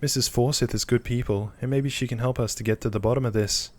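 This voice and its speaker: A man's voice: mid-range voice, steady tone, fast talker, close to an everyday voice. A man reading a wry, blunt young woman companion. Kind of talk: reading game dialogue aloud.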